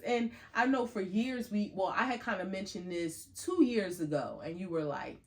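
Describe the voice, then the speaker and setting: A woman's voice: moderate pace, few pauses. A middle-aged woman co-hosting a podcast, chatting casually and acting out quoted lines in a lifted voice. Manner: animated storyteller, acts out quotes in a higher voice. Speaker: podcast co-host. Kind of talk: casual chat.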